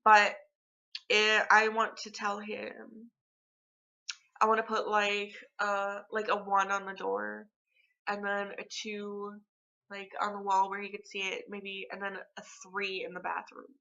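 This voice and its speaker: A young woman talks to her phone camera at home in a bright, sharp voice, wandering from thought to thought with plenty of fillers. The sound is dull and lo-fi, like cheap phone audio. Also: medium pitch, monotone, unhurried, creaky. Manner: rambling, chatty, lots of filler words. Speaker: vlogger. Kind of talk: casual chat to camera.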